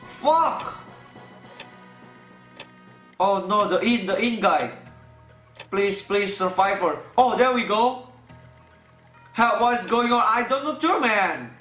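A man hosting a let's play, excitable and swearing constantly, with loud panicked outbursts. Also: sits high. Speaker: gaming channel host. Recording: roomy room sound with faint game music. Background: faint game music.

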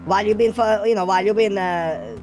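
A man's voice: high voice, fairly even intonation, a little fast, a little mellow, faint music behind. A man talking in character during role-play, rambling, swearing often and laughing at his own stories. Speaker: role-play gang member.

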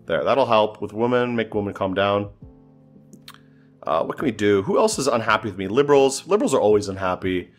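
A man's voice: on the low side, very animated, fairly quick, faint music behind. A man giving casual, joking commentary while playing a strategy game, thinking aloud and sounding exasperated. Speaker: gameplay streamer.

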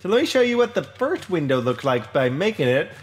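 A man's voice: a little high, sing-song, fairly quick. A man hosting a casual let's play, chatting his way through a building session with lots of fillers, restarts and self-deprecating remarks. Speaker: Minecraft let's play host. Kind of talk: casual gameplay commentary.

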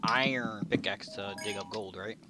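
Excitable man yelping over background hiss. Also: lowish voice, moderate pace. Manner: excitable, yelps and shouts when startled. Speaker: gamer. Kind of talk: casual gaming chat.

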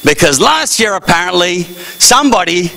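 A man's voice: sits high, big pitch swings, normal speed, vocal fry, sharp tone. A man hosting a cultural festival as MC, joking in a playful, self-mocking way on stage before a live audience. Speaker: MC and comedian. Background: audience faintly heard.

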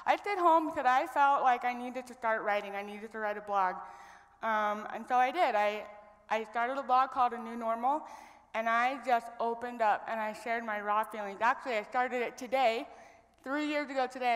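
A young woman from Idaho telling an earnest, reflective personal story as a guest speaker on stage. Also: a little high. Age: young adult. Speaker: guest speaker at a women's event. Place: stage in a large hall. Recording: long reverb of a large hall.

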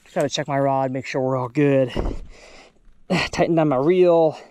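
A young man, excitedly commenting on his fishing outdoors at a pond. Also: medium pitch, moderate pace, slight background noise. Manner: excitable, exclaiming often. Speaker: fishing video host.

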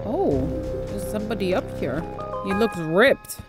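A woman's voice: medium pitch, very animated, unhurried, loud music behind the voice. A woman hosting a let's play, giving casual, playful and jokey gameplay commentary. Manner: playful, jokey, laughs and repeats words.

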